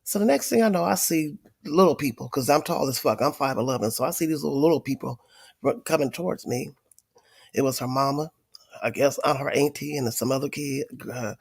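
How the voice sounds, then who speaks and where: A middle-aged woman talks straight to her livestream viewers, spinning an animated story full of swearing. She is sick and wheezing from a cold, and her voice is husky and gravelly. The sound is dry and close. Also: low voice, no room sound. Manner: profane, emphatic, addresses viewers directly. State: tired. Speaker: livestream host.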